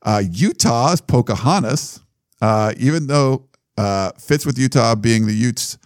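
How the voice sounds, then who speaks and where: A man co-hosts a casual sports podcast, reading jokey comparisons aloud with fillers and laughs. His medium-pitched voice is animated, unhurried, and a little mellow. The recording is dry and studio quality.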